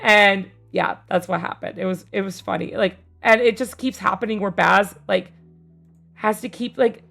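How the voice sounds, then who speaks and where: A young woman streamer casually telling a tabletop game story, rambling with fillers and casual swearing, growing more animated as it goes. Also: medium pitch, moderate pace, vocal fry, faint music behind. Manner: gets louder and more animated as the story builds.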